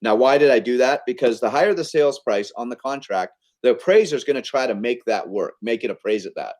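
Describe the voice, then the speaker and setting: A man in an interview, casually telling a business story in an animated, conversational way, often checking in with "okay?" and "right?". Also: medium pitch, a little fast. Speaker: podcast guest, entrepreneur.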